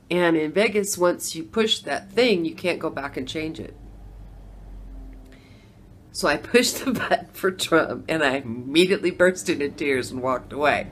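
A middle-aged woman telling her own story in a chatty testimonial vlog, laughing between lines and swinging from hushed to loud. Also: deep voice, measured pace, pauses often, slight background noise.

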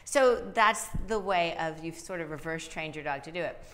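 A woman dog trainer with a fairly low voice answers viewers' questions in a live advice chat. She explains in a lively way and often slips into little acted-out voices for dogs and owners. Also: moderate pace, few pauses.

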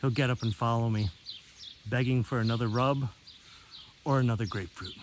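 A man talking to the camera while he feeds and pets his pig, switching to a high sing-song voice when he speaks to the animal. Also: fairly even intonation, brisk. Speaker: pig owner filming his pet. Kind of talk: casual outdoor vlog narration. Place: outdoors on a rural farm. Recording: outdoor farm noise.

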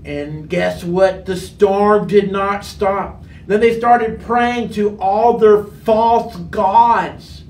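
Pastor guy telling kids a bible story, slow and animated, far from the mic with light hiss. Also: high-pitched. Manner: animated storyteller acting out the characters. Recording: echoey room, mic far off.

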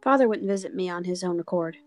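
A woman's voice: on the low side, quick pace, dry recording, faint music behind. A woman co-hosting a game playthrough, chatting playfully and reading lines aloud. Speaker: let's play co-host.

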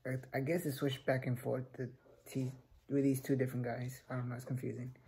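A man's voice: medium pitch, level tone, a little fast, gravelly. A teenage boy hosting a reaction video, chatting casually and rambling between remarks. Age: teens.

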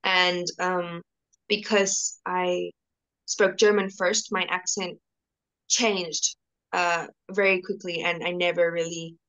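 A woman's voice: on the low side, level tone, slow, a bit bright, smooth, rough recording. A young woman, an interview guest, talking casually on a video call with many restarts and fillers.

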